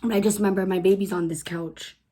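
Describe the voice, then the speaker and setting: Woman vlogger, personal story, halting delivery, fillers, low hushed voice at times. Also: fairly even intonation, slightly rough. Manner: halting, repetitive, many "like" fillers.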